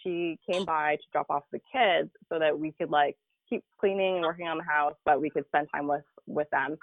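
A woman guest telling a personal story in a conversational interview, animated and laughing, with lots of casual fillers. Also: low voice, moderate pace, no room sound. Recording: tinny phone-like dry remote audio.

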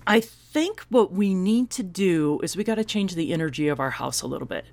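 A woman in her fifties telling comic stories about her family, animated and self-mocking, her voice jumping up for the punchlines. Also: fairly low pitch, normal speed, dry recording. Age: 50s. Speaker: vlogger. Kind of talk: comic personal storytelling.

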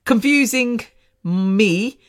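A middle-aged woman hosting her own podcast, talking in a candid, rambling way with many restarts and sighs. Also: on the high side. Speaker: podcast host. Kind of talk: casual solo podcast monologue.

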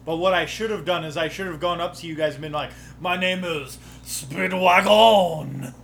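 A man's voice: on the high side, fairly even intonation, fast talker, fairly bright tone, slight background noise. A man who ran the campaign as game master, chatting casually on a podcast, often breaking off mid-sentence and swearing offhandedly. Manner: rambling, self-interrupting, swears casually. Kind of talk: casual chat.

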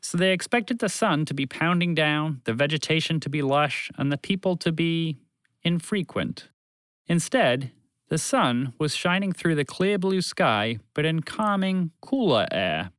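A man narrating a children's story in an animated, expressive reading. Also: fairly high pitch, measured pace, clean tone, no echo.

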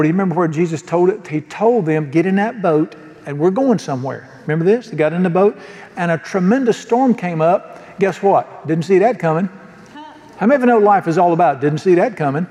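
A man's voice: sits high, darkish tone, big-room sound. A man preaching a sermon as pastor, folksy and joking, often asking the congregation questions. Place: church sanctuary.

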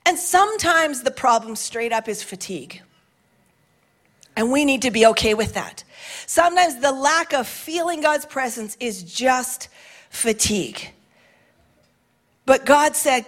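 A middle-aged woman pastor preaches from the front of a church sanctuary with a balcony. Her voice sits high, and her delivery is passionate, climbing to shouts at the strongest points. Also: moderate pace. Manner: passionate, rising to shouts at climaxes. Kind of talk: sermon.

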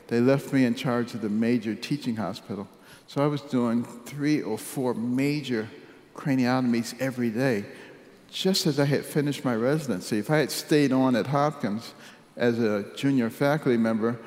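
A man in his seventies, originally from Detroit, recounts his life in a measured, wry manner, letting his voice fall quiet at the serious turns. His mid-range voice rings through a large hall with a long, echoing reverb. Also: medium pitch. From Detroit, United States. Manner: measured, wry, drops softly at serious moments. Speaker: speaker telling his life story. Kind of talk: personal storytelling speech.

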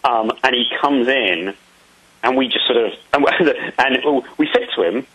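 A man being interviewed about making a film, answering in a casual, halting way with many ums and restarts. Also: mid-range voice, sharp tone, husky, low-quality recording.

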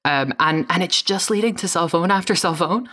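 Co-host, female, low-pitched, exasperated profane ranter, casual delivery. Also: normal speed, sharp tone. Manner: ranting, profane, sarcastic. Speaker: podcast co-host. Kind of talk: casual recap chat.

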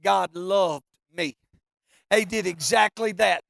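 A preacher telling a funny story in a sermon, folksy and animated, now and then breaking into shouts. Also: mid-range voice, slow, creaky, dry recording, studio quality.

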